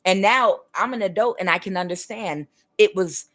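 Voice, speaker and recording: A woman's voice: medium pitch, moderate pace, few pauses, fairly bright tone. A woman hosting her own spiritual channel, talking earnestly and emphatically in a casual monologue. She keeps checking that the listener understands. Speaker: tarot reader and spiritual channel host.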